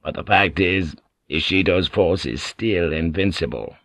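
A man voicing an aging warlord in an audiobook, measured, authoritative and sly. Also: low-pitched, fairly bright tone, dry recording, voice pushed down. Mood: scheming. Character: aging male warlord, cunning and commanding. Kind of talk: audiobook character voice.

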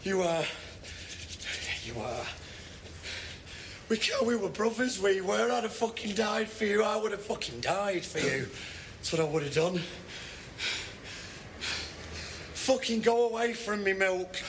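A man's voice: high-pitched, lively intonation, moderate pace, noisy background. An actor playing a distraught young man, raw and tearful, confronting a friend who betrayed him. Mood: bitter. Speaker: film character. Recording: echoey film audio with ambience.

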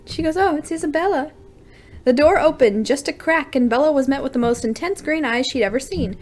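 A woman's voice: fairly high pitch, a little hiss or hum. A woman podcast host casually reading fan fiction aloud with playful, dramatic asides.

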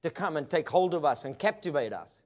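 A man's voice: on the high side, big pitch swings, a little fast. A man preaching a sermon, emphatic and rhythmic, often asking the congregation for an amen. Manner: emphatic, call-and-response preaching.

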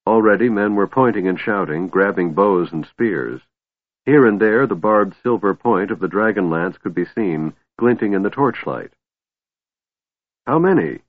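A man narrating a fantasy audiobook in a steady storytelling voice. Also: on the low side, moderate pace, dry recording. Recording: tinny phone-like sound, dry.

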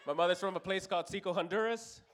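Guy doing stand-up, swears a lot, tells stories, bit of a higher voice. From Los Angeles. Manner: profane, storytelling, animated voices for characters. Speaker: stand-up comedian. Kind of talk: stand-up routine. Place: comedy club stage with audience.

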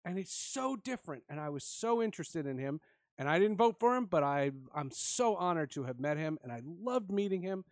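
Animated man telling a laughing story. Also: high voice, a little fast, no room sound, studio quality. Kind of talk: casual storytelling chat.

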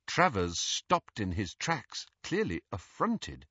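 Male audiobook narrator, animated, bright and forceful, dry and slightly muffled sound. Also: lowish voice, slow pace, breathy edge, no room sound. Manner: expressive, animated reading. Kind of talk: scripted narration.

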